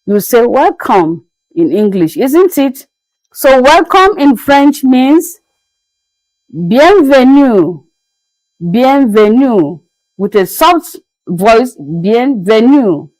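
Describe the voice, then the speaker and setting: A woman's voice: a little high, big pitch swings, darkish tone, dry recording, poor audio. A woman teaching basic French phrases in a patient, repetitive classroom manner. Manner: patient, repeats each word slowly. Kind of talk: slow classroom-style lesson.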